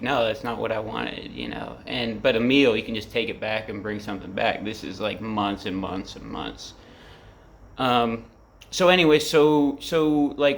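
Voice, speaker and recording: In his apartment, a vlogger in his forties rambles through a candid personal reflection to camera, cursing freely and filling his speech with fillers. His voice is on the low side with a fairly bright tone, and there's a little hiss or hum.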